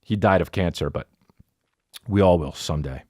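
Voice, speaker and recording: A man in his thirties hosting a podcast, ranting through a comic story with lots of swearing and sudden jumps into silly high voices. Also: moderate pace, no room sound, studio quality. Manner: animated storytelling, profane, jumps into mock voices and high sung syllables. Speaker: podcast host. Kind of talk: comedic rant.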